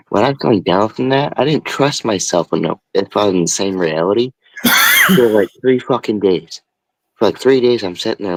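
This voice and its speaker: A man with a low, gravelly voice, rambling through a story and swearing freely. He talks casually as a stream host. The sound is close and dry. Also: no room sound, poor audio. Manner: rambling, profane, animated.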